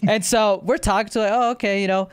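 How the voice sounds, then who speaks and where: A man's voice: high-pitched, fairly even intonation, fast, clean tone, dry recording, studio quality. A young man co-hosting a podcast, rambling through game stories in casual chat and laughing at them. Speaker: podcast co-host.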